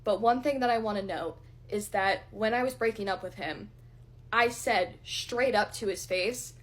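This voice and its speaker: A young woman speaks in a storytime vlog, recounting events plainly and bluntly while getting ready. Her voice sits at a middling pitch for a woman, and her delivery is candid and unvarnished, with occasional swearing. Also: normal speed. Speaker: vlogger. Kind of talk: storytime while doing makeup.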